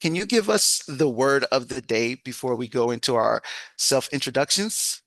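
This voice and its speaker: A man leading a club meeting as its president, telling a joke as a lively storyteller with small restarts. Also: mid-range voice, moderate pace, no echo.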